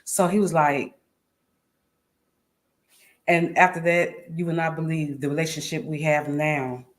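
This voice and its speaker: A woman's voice: deep voice, fairly even intonation, measured pace. A woman guest telling a personal story in an interview, earnest and emphatic, repeating phrases for weight.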